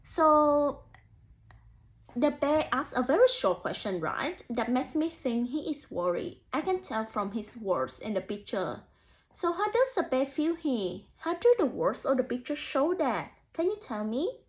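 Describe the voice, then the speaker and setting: With a high, very animated voice at a measured pace, a young student teacher reads a picture book to children. Encouraging throughout, she reflects aloud, speaks to imagined kids, and leans on "so" and "mm."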